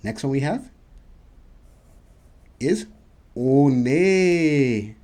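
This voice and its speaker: Guy teaching on his channel, slow and careful, voice goes up and down a lot, mellow tone. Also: mid-range voice, very animated, breathy edge. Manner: slow, drawn-out demonstration of words. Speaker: language teacher and channel host. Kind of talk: casual video lesson. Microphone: camera mic.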